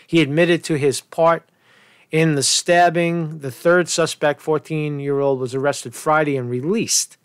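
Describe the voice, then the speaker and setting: A man's voice: on the high side, no echo, studio quality. Argumentative man commenting on news. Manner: rambling, argumentative, asks rhetorical questions.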